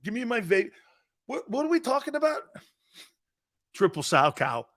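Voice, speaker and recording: A man's voice: very high-pitched, very animated, moderate pace, fairly bright tone, exaggerated voice. A man putting on the voice of a spaced-out stoner athlete in the middle of a sports talk show, drawling and dazed.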